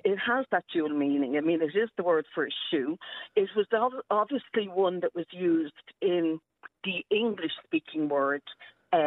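A woman's voice: lowish voice, dry recording. An Irish woman speaking down a tinny phone line, her voice dry and close. She explains words patiently, sounding delighted by them and laughing lightly as she goes. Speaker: historian, interview guest. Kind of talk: radio interview over the phone.

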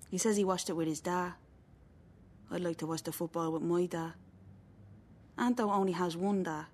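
A woman narrating in first person as a quiet, wistful young boy in foster care. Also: on the low side, natural voice.

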